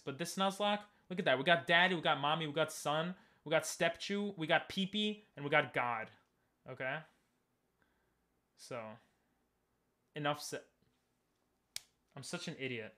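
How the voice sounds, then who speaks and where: A man's voice: fairly high pitch, animated, moderate pace, sharp tone. A young man giving casual, joking commentary while streaming a game and talking with chat. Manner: chatty, joking, talks to chat.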